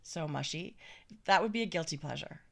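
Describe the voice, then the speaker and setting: A woman's voice: sits low, lively intonation, a little fast, creaky, fairly bright tone. A middle-aged woman from Canada co-hosting a podcast, chatting casually and gushing, with frequent laughter. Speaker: podcast co-host. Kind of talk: casual chat.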